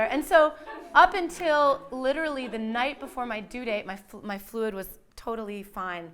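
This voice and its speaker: A woman's voice: a little high, a little fast, a bit bright. A woman telling her birth story casually, rambling with lots of fillers and restarts, livening up when she quotes others.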